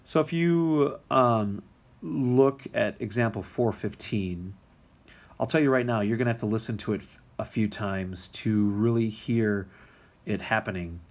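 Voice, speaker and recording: A man's voice: on the low side, measured pace, a little mellow. A man teaching music theory in a recorded lecture, talking casually with many ums and restarts.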